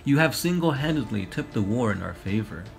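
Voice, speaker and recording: A man's voice: medium pitch, lively intonation, brisk, vocal fry, soft background music. A solemn, commanding warrior-priest, as a man reads him. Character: stern armored space knight chaplain, commanding elder.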